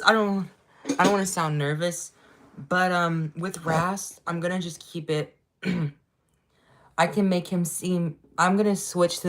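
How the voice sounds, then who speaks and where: A woman with a somewhat low voice talks casually to her stream, narrating each step of her voice practice as she goes. She is chatty and excitable, often stopping to comment on herself. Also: a little slow. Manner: chatty, self-explaining, excitable. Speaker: vlogger practicing voice acting. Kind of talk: casual livestream chat.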